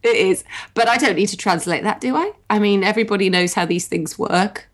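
A woman's voice: mid-range voice, a little fast. A woman in her thirties co-hosting a podcast in casual chat, chatty and often laughing. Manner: chatty, giggly, animated. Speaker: podcast co-host.

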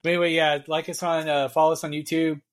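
A man's voice: a little high, little pitch movement, quick pace. A man co-hosting a casual geek podcast, rambling and laughing often. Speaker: podcast co-host. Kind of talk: casual chat.

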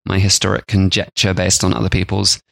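A man co-hosting a casual food podcast. He chats easily and jokes often, now and then mimicking imagined people. His delivery is relaxed and conversational. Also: low voice, fairly quick, creaky, no echo. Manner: chatty, jokey, puts on silly voices for imagined people. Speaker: podcast co-host.

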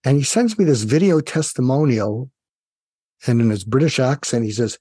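A man with a warm, relaxed tone tells a story on a conversational interview show. He speaks as a psychiatrist guest, engaging and direct. His sound is dry and close, with no room around it. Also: mid-range voice, moderate pace, slightly rough, no room sound. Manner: vivid, addresses host directly, engaging.

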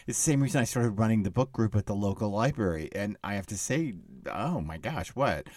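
Low-voiced chatty man co-hosting a podcast. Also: expressive, fairly quick, a little mellow, no room sound. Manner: chatty, laughs often, wry asides. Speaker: podcast co-host. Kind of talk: casual chat.

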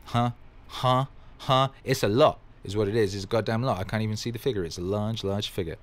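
A man's voice: fairly low pitch, quick pace, a little mellow. A man hosting a motivational livestream, talking emphatically with bursts of exclamation and swearing, and reading out viewer comments. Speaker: livestream host.

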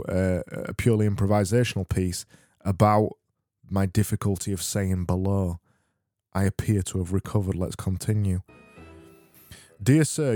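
A lower-voiced man hosting a comedy podcast, deadpan and rambling. He stumbles over words and mocks himself as he goes, with faint music playing underneath. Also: dry recording, clean studio sound. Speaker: podcast host.

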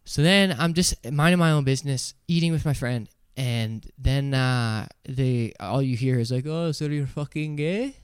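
A man in his twenties telling a story on a podcast, animated, acting out other people's voices and laughing as he goes. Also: mid-range voice, moderate pace, hardly any pauses, clear, resonant tone, no echo, studio quality. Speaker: podcast co-host. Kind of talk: casual storytelling.

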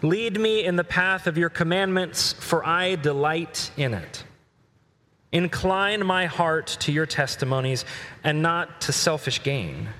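A man's voice: a little high, lively intonation, pushed and bright. Earnest preacher man in a reverberant hall. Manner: earnest, reads scripture aloud with slow emphasis. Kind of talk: sermon.

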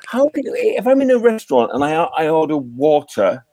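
A man's voice: medium pitch, big pitch swings, normal speed, few pauses, dark tone, dry recording. A man with a British accent chatting playfully as a podcast guest. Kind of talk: casual chat.

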